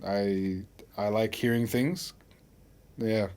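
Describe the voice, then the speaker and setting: Candid young man, lowish voice. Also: fairly even intonation, slow pace, a little mellow, a little hiss or hum. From United Arab Emirates. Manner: candid and blunt, peppered with "you know". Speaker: rapper. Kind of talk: documentary interview.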